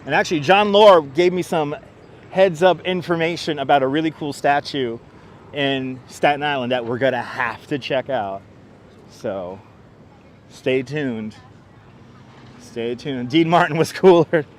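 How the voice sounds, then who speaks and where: A man's voice: a little high, measured pace. A man hosting a live walking tour outdoors on a wireless lapel mic, chatty, laughing often and greeting viewers by name. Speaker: livestream host. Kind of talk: live walking tour, reading chat aloud. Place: outdoor waterfront park.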